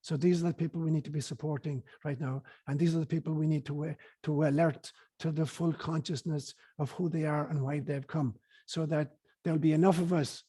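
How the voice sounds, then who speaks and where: Husky, mellow man telling a story. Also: fairly high pitch, fairly even intonation, fairly quick. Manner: earnest, hesitant fillers, storytelling. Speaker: guest speaker on spirituality. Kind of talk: reflective storytelling interview.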